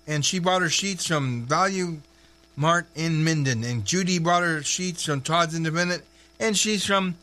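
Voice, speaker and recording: A man's voice: fairly high pitch, pushed and bright. A man, hosting a local radio show in a chatty way and dropping joking asides between announcements. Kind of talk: casual radio chat with announcements.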